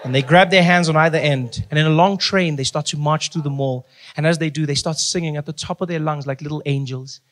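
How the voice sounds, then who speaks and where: A man's voice: fairly quick, hardly any pauses. A man doing stand-up comedy, telling stories animatedly and acting out the people in them. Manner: animated, acts out characters with big pitch swings. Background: audience laughter.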